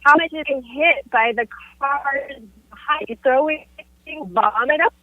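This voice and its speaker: A woman's voice: high-pitched, a little slow, dry recording, narrow, tinny audio. A woman podcast host in casual chat, reacting to a guest's story with short responses. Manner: brief listening reactions.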